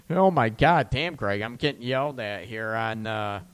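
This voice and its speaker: A man's voice: mid-range voice, smooth, in a large hall. A man working as a relationship coach, giving frank, joking advice on a live stream and laughing often.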